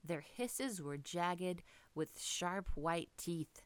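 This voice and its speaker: Woman reading a kids' storybook, slow and expressive, dry close sound. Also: lowish voice, dry recording. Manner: slow, expressive, dips into whispers for drama. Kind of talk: children's storybook read-aloud.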